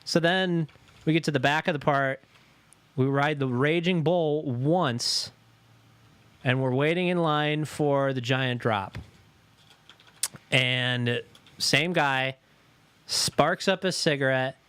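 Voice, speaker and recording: Profane storytelling man, fairly high voice. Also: slow pace, pauses often, clean tone, no echo. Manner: profane, animated, acts out quoted voices. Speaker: podcast co-host. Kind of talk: casual chat, storytelling.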